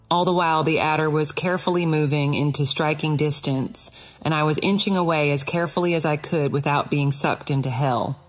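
A woman narrating a first-person audiobook in a measured, tense storytelling manner. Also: sits low, husky, faint music behind.

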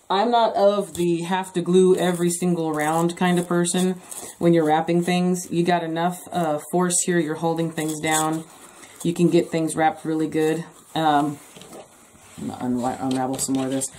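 Low-voiced chatty woman crafter. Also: darkish tone, a little hiss or hum. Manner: chatty, jokey asides. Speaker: craft video host. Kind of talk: casual craft tutorial. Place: home craft room.

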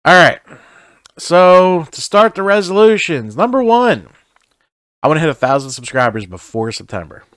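A man's voice: a little high, sing-song, moderate pace, a bit bright, dry recording. A man co-hosting a chatty podcast from his home studio, rambling and swearing casually. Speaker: podcast co-host. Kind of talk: casual chat.

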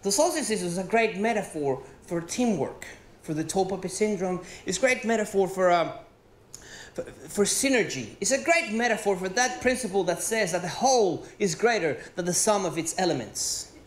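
A man from Venezuela with a Venezuelan accent and Spanish as his first language, performing a sweary, animated stand-up routine on stage. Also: high-pitched, moderate pace, a little hiss or hum. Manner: animated, swearing, rising to exclaim. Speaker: stand-up comedian. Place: stage in a comedy venue with live audience. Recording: roomy live venue sound.

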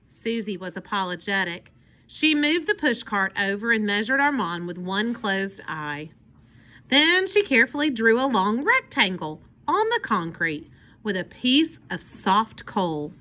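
A woman reading a children's book aloud in an expressive storytelling manner. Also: mid-range voice, a little slow. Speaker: narrator.

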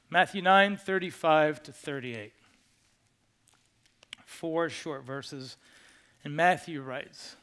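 A male pastor giving a sermon to his congregation in a church, animated and joking as he coaxes them along. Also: fairly high pitch, very slow, long pauses, smooth. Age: over 25. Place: church sanctuary.

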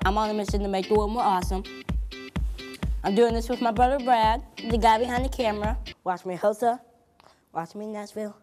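A woman's voice: medium pitch, fairly even intonation, a little fast, music in the background, close to an everyday voice. A woman putting on the voice of an upbeat young boy president in a giggly, playful skit, laughing as she goes. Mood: hyped.

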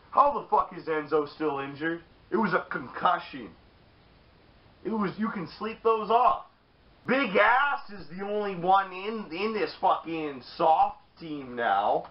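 A man reviewing a wrestling show in casual, profane banter, loud and animated, sometimes shouting. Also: sits high, measured pace. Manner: loud, animated, swears often, shouts in mock voices. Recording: dull lo-fi sound.

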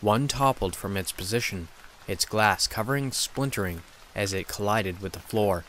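A man narrating a scary story in a steady, dramatic storytelling manner. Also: fairly low pitch, moderate pace. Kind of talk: scripted horror narration.

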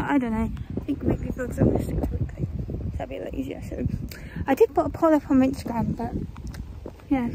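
A woman's voice: high voice, gravelly. A young woman chatting casually in a vlog, rambling and often dropping into a whisper. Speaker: vlogger. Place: at home and outdoors. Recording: background noise.

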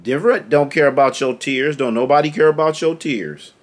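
A man's voice: on the high side, normal speed. A man ranting to the camera as a sports fan, scolding and sarcastic, repeating his points over and over.

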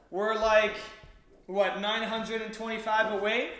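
A man's voice: high voice, steady tone, a little slow, pushed and bright, reverberant. A young Canadian man with a native French background, chatting casually on a livestream and reading out chat, with lots of fillers.

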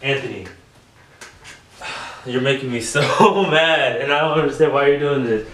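A man's voice: medium pitch, moderate pace, fairly bright tone. A man vlogging at home, nagging and exasperated, repeating himself over and over. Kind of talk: casual prank video talk. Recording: echoey room, mic far off, faint noise.

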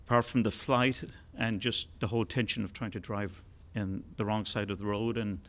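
A man telling a long joke on stage in a relaxed, rambling way, with fillers. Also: on the low side, moderate pace. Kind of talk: told joke, live storytelling. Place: concert hall.

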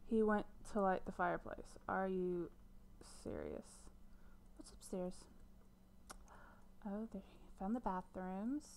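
A woman giving casual commentary over a life-sim game, chatting to her viewers and often dropping into a soft whisper. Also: medium pitch, fairly even intonation, takes it slowly, creaky, pauses often, a little hiss or hum. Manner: talks to viewers as "guys". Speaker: gameplay commentator.

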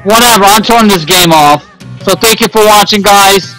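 A man's voice: high voice, normal speed, sharp tone, soft background music, rough recording. A man giving casual gameplay commentary, frustrated and rambling as he talks to himself about his losses. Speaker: gaming video host.

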